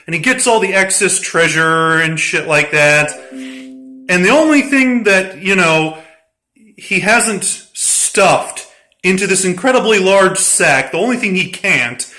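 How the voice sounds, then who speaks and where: A man's voice: high-pitched, sharp tone. A man casually retelling a tabletop game session, rambling and profane, often breaking into laughter. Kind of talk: casual storytelling.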